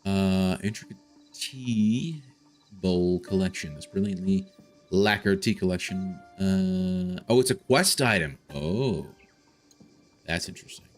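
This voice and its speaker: Male gaming streamer, deep voice, loose rambling commentary, faint music underneath. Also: lively intonation, unhurried, vocal fry. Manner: thinks aloud, rambling with frequent restarts. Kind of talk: casual live gameplay commentary.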